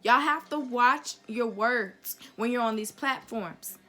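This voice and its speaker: Blunt, bright-voiced young woman ranting. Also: on the high side, slow. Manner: blunt, profane, emphatic. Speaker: vlogger. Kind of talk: heated opinion rant to camera.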